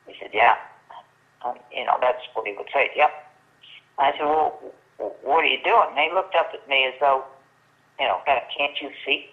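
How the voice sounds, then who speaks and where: A woman's voice: deep voice, a little fast. Older woman telling a story over the phone. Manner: lively storyteller acting out quoted dialogue, many restarts. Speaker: guest. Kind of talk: storytelling in casual chat. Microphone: telephone. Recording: tinny phone line.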